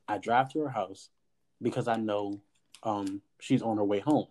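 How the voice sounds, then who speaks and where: A man in casual podcast chat, telling a personal story with animated energy. He acts out the lines people said to him and drops the odd curse word. His voice sits at an ordinary middle pitch. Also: normal speed. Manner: animated storyteller, acts out quoted dialogue, swears. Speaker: podcast host.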